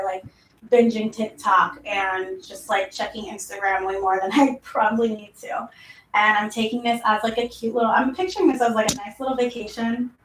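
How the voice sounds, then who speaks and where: A woman's voice: mid-range voice, a bit bright, roomy sound, far from the mic, slight background noise, poor audio. A young woman live streaming about self-help, talking casually with lots of "like" fillers. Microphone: mic set in front of her.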